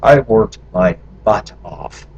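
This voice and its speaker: Husky American man telling his story. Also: fairly low pitch, sing-song, slow pace, a little mellow. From United States. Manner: candid, talks through memories in long run-on stretches. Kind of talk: personal storytelling monologue. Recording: dull lo-fi recording.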